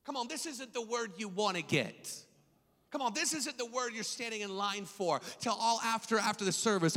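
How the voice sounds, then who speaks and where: A man with a strikingly high voice preaches a fervent sermon. His delivery swells into shouted, sing-song cadences, and the long reverb of a large church hall trails behind every line. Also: brisk.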